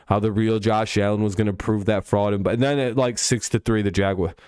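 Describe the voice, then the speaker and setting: A man with a low, smooth voice chats casually about football games. He rambles through jokes and swears freely. The sound is close and dry, with no room echo. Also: steady tone, fairly quick, darkish tone. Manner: joking, rambling, swears often. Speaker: sports streamer. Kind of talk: casual NFL preview chat.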